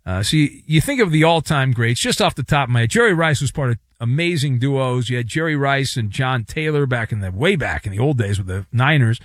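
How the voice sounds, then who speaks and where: A man's voice: brisk, hardly any pauses, no echo, clean studio sound. A man hosting a sports talk radio show, riffing with sarcastic, playful commentary and jokes. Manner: lively, sarcastic, animated swings in pitch.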